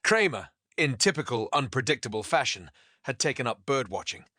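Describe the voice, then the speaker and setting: A man narrating a fan fiction story with an expressive, lively reading. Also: mid-range voice, brisk, no echo, studio quality.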